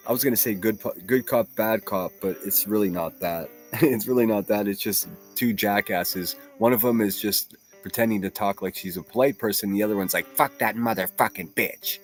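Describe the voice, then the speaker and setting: Guy doing solo stream commentary, kinda low voice, swears a lot, mocking and blunt, faint music under it. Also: moderate pace. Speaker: livestream commentary host. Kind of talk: casual reaction commentary.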